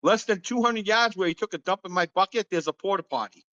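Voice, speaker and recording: A man's voice: high voice, fast, fairly bright tone, dull audio. A man hosting a podcast, telling a story casually and animatedly, acting out quotes and laughing often. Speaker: podcast host.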